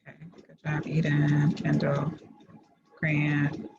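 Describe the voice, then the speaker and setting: A woman tutoring a class over a video call, reading answers in a patient, steady way. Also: deep voice, slow pace, creaky, background noise. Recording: dull video-call audio.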